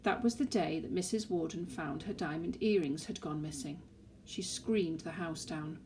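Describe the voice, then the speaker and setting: A woman narrating a children's novel aloud in an expressive storytelling way. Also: deep voice, normal speed, slight background noise.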